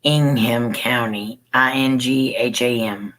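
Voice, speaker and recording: A man co-hosting a casual livestream, chatting with viewers, laughing often and spelling words out slowly. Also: medium pitch, steady tone, fairly bright tone, low-quality recording. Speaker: livestream co-host.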